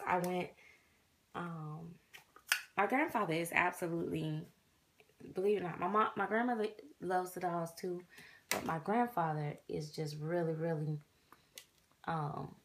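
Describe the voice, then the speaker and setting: Gravelly-voiced woman chatting casually. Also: lowish voice, fairly even intonation, measured pace, long pauses, slight background noise. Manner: rambling storytelling with quoted dialogue. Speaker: doll collector vlogger. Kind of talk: casual chat.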